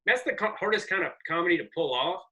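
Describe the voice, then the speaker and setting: Bright-voiced man, animated comedian. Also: high-pitched, quick pace, rough recording. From American South. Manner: rambling, animated storyteller with profanity. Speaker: comedian guest. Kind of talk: casual podcast chat.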